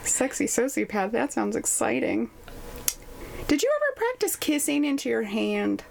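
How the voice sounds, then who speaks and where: A woman's voice: a little high, huge pitch swings, creaky, darkish tone, slight background noise. Chatty young woman telling stories. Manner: chatty storyteller, laughs often, quick asides. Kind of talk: casual chat.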